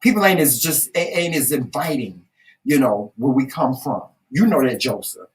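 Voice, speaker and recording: A woman's voice: rumbling low, lively intonation, moderate pace, distant mic, low-quality recording. A woman with a Southern American accent, co-hosting a casual chat, telling stories emphatically with salty, folksy asides. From Southern United States. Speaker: co-host.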